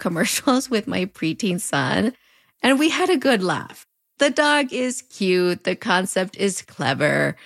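A woman in her thirties with a Mexican border accent, narrating a scripted commentary in a wry, conversational way with playful asides. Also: on the low side. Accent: Mexican border English. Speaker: video essay host.

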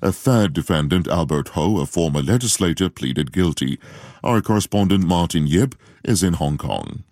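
A man with a very low voice reads the world news bulletin. His delivery is measured and formal, recorded close in a dry studio. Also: animated, a little mellow, no room sound. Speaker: newsreader. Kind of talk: radio news bulletin reading.

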